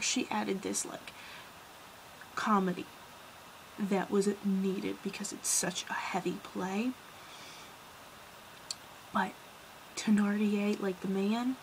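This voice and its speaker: A teenage girl giving a casual, gushing film review vlog, rambling, dropping into whispers and then bursting out louder. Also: mid-range voice, a little hiss or hum, poor audio. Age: teens. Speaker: vlogger.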